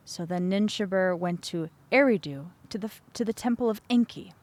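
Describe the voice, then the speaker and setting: A woman's voice: mid-range voice, moderate pace, hardly any pauses, a little mellow. A woman podcast host reading an old myth aloud and breaking off for chatty asides, correcting her own slips as she goes.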